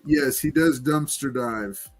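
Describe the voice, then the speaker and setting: A man's voice: medium pitch, slow pace, soft background music. A man hosting a casual livestream chat and giveaway, talking loosely with many fillers. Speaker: livestream host running giveaways.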